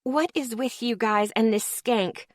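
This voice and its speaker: A woman's voice: a little high, unhurried, dry recording, studio quality. Woman doing a snotty young woman. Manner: snappish, snotty.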